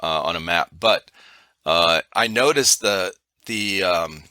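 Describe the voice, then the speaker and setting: A male podcast host with a low, very bright and sharp voice that moves a lot in pitch. He talks in an easygoing way, full of little fillers, on a dry, close recording. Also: takes it slowly, no echo. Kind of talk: casual chat.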